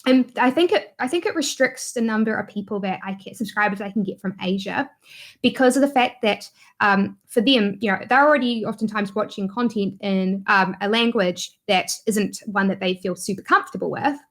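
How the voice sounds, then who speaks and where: A woman's voice: mid-range voice, fairly quick. A woman with a New Zealand accent, a guest YouTuber chatting casually in an interview, laughing often and using lots of fillers.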